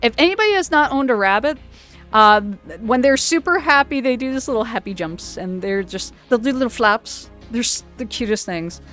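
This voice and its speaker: Giggly, chatty woman streamer, high voice. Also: expressive, normal speed, fairly bright tone, faint music behind. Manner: giggly and chatty, laughs often. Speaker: charity livestreamer. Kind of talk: casual livestream chat. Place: home, streaming in a VR chat. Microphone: VR headset mic.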